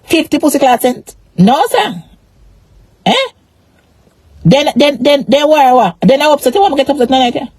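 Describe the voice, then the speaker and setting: A woman's voice: high voice, expressive, moderate pace, pauses often, a little mellow, no room sound. A Jamaican woman on a casual live stream, rambling in a repetitive, emphatic way about money, shame and her pain. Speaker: social media personality.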